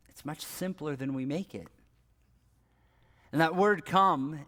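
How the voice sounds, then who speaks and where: A man's voice: fairly high pitch, normal speed. A middle-aged man giving a devotional talk as a pastor, earnest and conversational, often dropping to a near whisper. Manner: soft-spoken, dropping to near whisper for scripture; earnest, conversational, rises when animated. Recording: long hall reverb.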